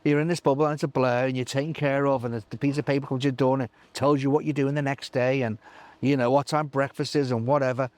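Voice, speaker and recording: A middle-aged live sound engineer telling animated stories in an interview, acting out other people's voices with many restarts. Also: male voice, mid-range voice, fast, dry recording. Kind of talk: anecdotal interview chat.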